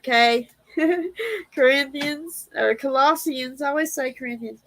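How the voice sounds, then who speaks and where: A woman's voice: fairly high pitch, steady tone, normal speed, fairly bright tone, low-quality recording. A woman hosting a casual livestream, reading prayers and speaking tenderly and emotionally. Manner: tender, emotional, laughs easily.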